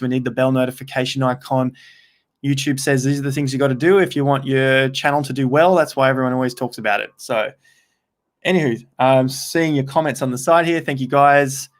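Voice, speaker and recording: A young man hosts a live stream, talking right to his viewers as he reads their comments. He rambles in an upbeat way and often restarts his sentences mid-thought, in a voice of middling pitch. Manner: chatty and rambling, with frequent restarts; upbeat, talks straight to viewers. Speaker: crypto livestream host. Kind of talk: casual livestream chat, reading out viewer comments.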